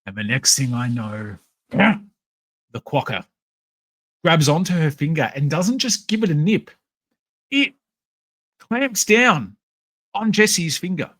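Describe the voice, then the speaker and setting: An Australian man hosting a podcast, chatting casually on a live stream and telling stories in a rambling, animated way full of fillers. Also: fairly high pitch, takes it slowly, long pauses, no echo. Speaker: podcast host.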